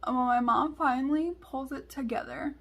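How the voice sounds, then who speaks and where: A young woman chats through a makeup video, her talk packed with fillers. Her voice sits slightly high and bright with a husky edge. She rambles casually as she talks. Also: steady tone, normal speed. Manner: chatty, filler-heavy with many "like"s. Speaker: beauty vlogger. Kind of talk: casual storytelling and makeup tutorial.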